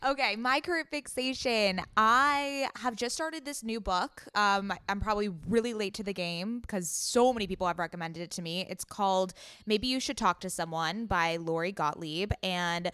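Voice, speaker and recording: A young woman co-hosts a relaxed podcast, upbeat and encouraging as she talks. Her voice is crisp and clear. It is recorded close and dry. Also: mid-range voice, moderate pace, few pauses, no room sound. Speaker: podcast co-host. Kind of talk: casual podcast chat.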